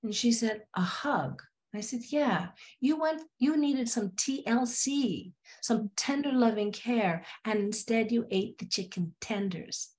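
A woman therapist talking as a guest on a podcast. She tells stories from her sessions and acts out the dialogue, her pitch jumping up and down in a lively way. Her delivery is expressive and storytelling. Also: unhurried. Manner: animated, acts out client dialogue.

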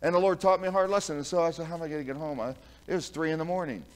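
A man's voice: a little high, rapid-fire, clean tone. Folksy preaching pastor, man. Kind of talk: sermon.

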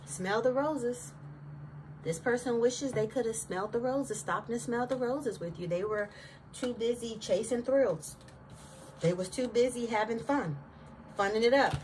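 A woman's voice: on the high side, a little slow, a little mellow. A woman giving a casual tarot reading, sassy and slangy, talking straight to her viewers. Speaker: tarot reader. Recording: distant mic with clear background noise.

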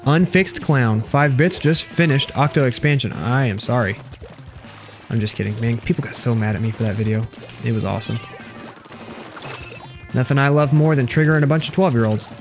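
A man's voice: medium pitch, normal speed, pauses often, faint music behind. A young man streaming a video game, chatting casually and sarcastically with viewers as he plays. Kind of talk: casual gameplay commentary reading chat.

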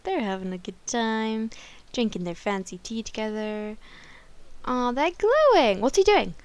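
A woman hosting a life-sim let's play, chatting excitedly, often gasping and squealing. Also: a little high, a little slow, clean tone. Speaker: gaming channel host.

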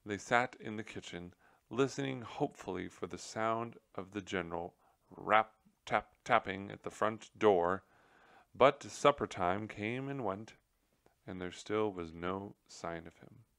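A man reading a children's book aloud as narrator, telling the story gently. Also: on the low side, a little slow, gravelly, smooth, no room sound, studio quality. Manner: gentle storytelling with character voices.

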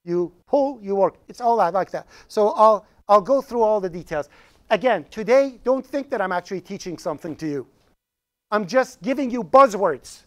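A man's voice: high-pitched, normal speed. A man lecturing a college programming class, talking straight to his students and joking with them as he goes. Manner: joking, animated lecturer addressing students directly.

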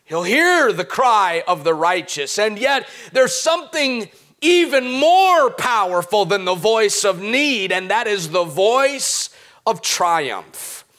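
A middle-aged male pastor preaching a sermon, swinging from quiet talk to impassioned shouts. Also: sits high, sing-song, slow pace.

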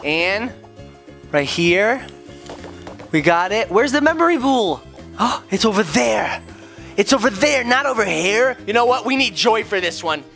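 A gaming video host plays with his son over faint background music, his gravelly voice a little slow. He chats playfully and casually, an excitable, goofy dad prone to sudden high squeals.

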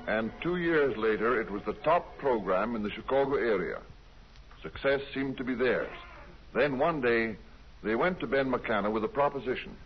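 A man giving scripted radio narration in a measured storytelling manner. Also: mid-range voice, lively intonation. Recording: dull old radio broadcast with faint music.

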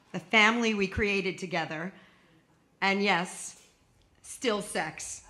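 A woman's voice: mid-range voice, sharp tone. A woman in her sixties telling a true personal story on stage, with wry comic timing and emphatic punchlines.

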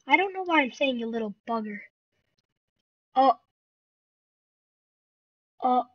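A gaming channel host giving live commentary on their own match, excitable and talking to themselves while playing. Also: mid-range voice, unhurried, pauses often, dry recording, highs cut off.

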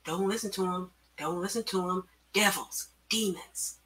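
A woman reading aloud and voicing a talking doll with a hoarse, angry, hushed voice. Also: on the low side, moderate pace, natural voice. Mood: whispering.

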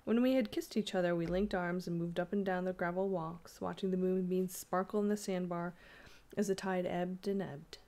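A woman's voice: fairly low pitch, steady tone, moderate pace, mellow. Woman reading a classic story aloud. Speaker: audiobook reader.

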